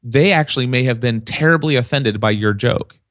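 Animated man telling stories, dry close sound. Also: mid-range voice, fairly quick, no room sound. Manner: animated storyteller, acts out quoted voices. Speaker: podcast guest, podcasting consultant. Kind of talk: casual podcast conversation.

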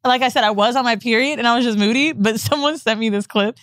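A woman with a slightly high voice co-hosts a podcast, telling stories at a quick pace with no echo. She's an animated storyteller who swears a lot and acts out quotes in this casual chat.

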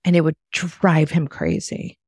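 A woman's voice: sits low, measured pace, breathy edge, no echo, clean studio sound. A middle-aged woman hosting a podcast, chatting casually and acting out the voices of people in her stories. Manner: animated storyteller, acts out quoted voices. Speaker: podcast host. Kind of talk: casual chat.

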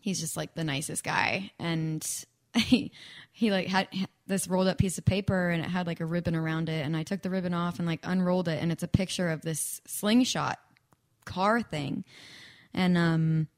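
A woman's voice: on the low side, fairly even intonation, normal speed. A young woman from Texas chatting casually as an interview guest, with lots of "like" and "um". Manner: chatty, frequent "like" and "um". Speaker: guest songwriter.

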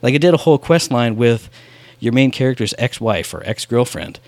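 A man's voice: mid-range voice, very animated, brisk, a little mellow, no room sound. Rambling man chatting about games. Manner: rambling, lots of filler words. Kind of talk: casual chat about video games.

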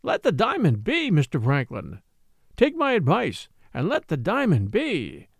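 A man's voice: fairly high pitch, huge pitch swings, measured pace, gravelly, no echo, clean studio sound, full character voice. A man reading an audiobook, voicing an elderly male servant who is stern, proud and stubborn. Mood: insistent. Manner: stern, insistent pleading.

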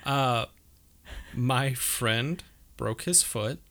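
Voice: mid-range voice, extremely slow. A podcast co-host chatting casually and telling stories in an easygoing way. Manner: animated storyteller, easygoing. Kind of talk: casual movie rewatch chat.

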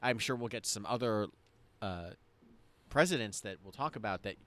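A man's voice: lowish voice, animated, normal speed, fairly bright tone. A man co-hosting a podcast, chatting casually with fillers and jokes. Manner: rambling, jokey, with many fillers. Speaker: podcast co-host. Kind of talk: casual chat.

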